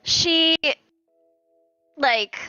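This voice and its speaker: A woman's voice: very high voice, drawn-out words, sharp tone, dry recording, soft background music. Casual woman player, dry dull recording. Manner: casual, laughs easily. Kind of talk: casual tabletop game chat. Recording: slightly dull, dry sound.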